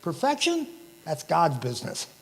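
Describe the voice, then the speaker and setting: A man's voice: a little high, wildly swooping pitch, moderate pace, creaky. A man giving an emotional, inspirational banquet keynote speech, quoting famous sayings. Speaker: keynote speaker. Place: large banquet hall. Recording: reverberant hall.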